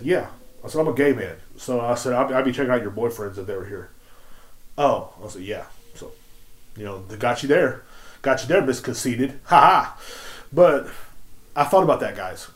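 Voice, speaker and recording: Profane rambling man in an echoey room. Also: mid-range voice. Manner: crude, profane, rambling storyteller. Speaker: podcast host. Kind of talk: casual solo podcast rant. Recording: roomy echo.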